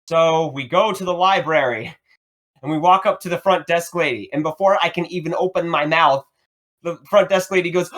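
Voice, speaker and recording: A man's voice: on the high side, brisk. A man in his thirties, a podcast co-host, telling a story in casual chat. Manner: storytelling, animated.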